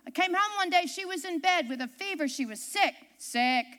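A woman's voice: very high-pitched, animated, moderate pace, bright, forceful tone. A woman pastor preaching a sermon from the pulpit, telling stories with emphasis and repeating key phrases.

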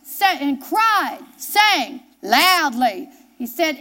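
A woman's voice: sits high, lively intonation, normal speed, a bit bright. A woman pastor preaching a sermon, reading scripture aloud and driving points home with repetition and questions to the congregation. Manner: emphatic, repeats key phrases, asks the congregation questions.

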